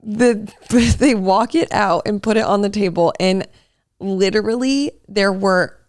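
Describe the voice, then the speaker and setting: A woman's voice: mid-range voice, unhurried, darkish tone, no echo, clean studio sound. A young woman co-hosting a podcast, telling stories in a chatty, laughing way. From Los Angeles. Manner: chatty storyteller, lots of "like" and laughter. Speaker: podcast co-host. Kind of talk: casual chat.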